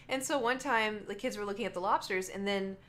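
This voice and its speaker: A woman's voice: medium pitch, moderate pace, fairly bright tone, a little hiss or hum. A young woman streamer rambling through work stories in a chatty way, full of "like" and restarts. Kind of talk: casual storytelling.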